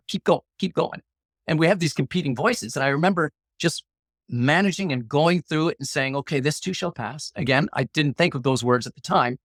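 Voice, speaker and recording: A man's voice: on the high side, fairly bright tone, no echo. A middle-aged man telling a personal story as a guest in an interview, acting out the competing voices in his head. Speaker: guest, former hostage negotiator.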